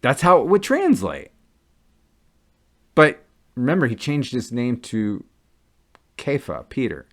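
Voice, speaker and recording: A man's voice: mid-range voice, sing-song, takes it slowly, long pauses, fairly bright tone. A man giving an earnest, casual explanation to viewers, often checking in with "okay?" and "right?" as he goes. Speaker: Catholic convert vlogger.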